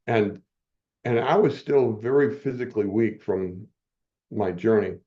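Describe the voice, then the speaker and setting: An older man appears as a podcast guest, speaking at a measured pace in a voice on the low side. He tells a rambling personal story in a casual interview, chuckling often and correcting himself through frequent restarts. The audio is muffled and dull.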